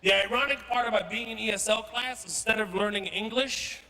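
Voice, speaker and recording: A man from Kuwait performing a stand-up comedy set to a live audience, animated and quick to switch into character voices. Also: high-pitched, slight background noise, poor audio. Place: event hall with live audience.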